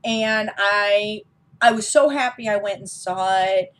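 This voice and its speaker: A woman's voice: mid-range voice, takes it slowly, fairly bright tone. A woman giving a casual, enthusiastic film review as a vlog host, with frequent ums.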